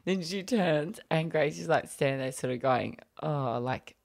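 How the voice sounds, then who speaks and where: A woman's voice: deep voice, a little slow, gravelly. A woman telling a family story in casual chat, laughing often as she goes. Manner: animated, laughs often while telling stories.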